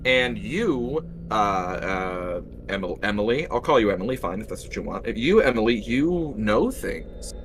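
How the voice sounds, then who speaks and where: A man playing in a tabletop role-playing game in character, pushy and theatrical, swinging between loud and hushed. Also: on the low side, very animated, moderate pace, hardly any pauses, noisy background. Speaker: player. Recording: music playing behind.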